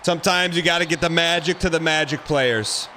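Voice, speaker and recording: Bright-voiced man calling his own game. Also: a little high, fairly quick, a little hiss or hum. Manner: excitable, repeats phrases, talks to the players. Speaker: streamer. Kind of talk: live gameplay commentary.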